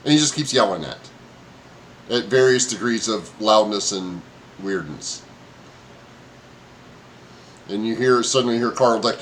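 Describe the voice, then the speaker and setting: A man's voice: fairly low pitch, expressive, measured pace, long pauses. Hesitant game master man. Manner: hesitant, lots of fillers, laughs often. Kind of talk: narrating a tabletop game.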